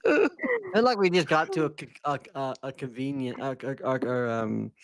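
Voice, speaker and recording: A man's voice: medium pitch, very animated, moderate pace, dry recording. A man talking as a stream guest, hesitant and stumbling over his words.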